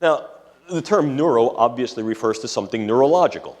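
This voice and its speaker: A man's voice: medium pitch, expressive, fairly quick, darkish tone. A man with a New York City accent giving a public lecture to an audience, speaking in a discursive, academic way with technical jargon. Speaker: guest lecturer. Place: lecture room before an audience.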